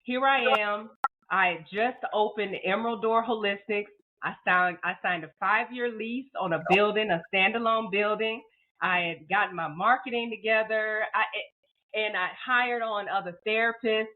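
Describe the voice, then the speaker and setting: A woman guest telling a painful personal story in an interview, heartfelt and emotional, often repeating words and acting out her own past thoughts. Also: mid-range voice. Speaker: podcast guest. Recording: phone-like narrow audio.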